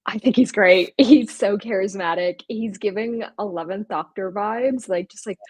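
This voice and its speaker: A woman's voice: mid-range voice, normal speed, a little mellow, slightly rough, no room sound. A woman co-hosting a podcast, chatting casually about a TV episode, giggling and hedging often. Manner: giggly, hedging, lots of "like" and laughs. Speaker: podcast co-host. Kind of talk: casual pop-culture chat.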